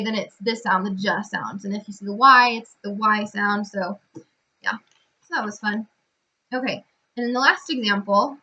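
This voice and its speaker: A young woman giving a field report as a student teacher, explaining learners' pronunciation in a relaxed way with many ums and restarts. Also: fairly high pitch, a little hiss or hum. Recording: dull lo-fi recording.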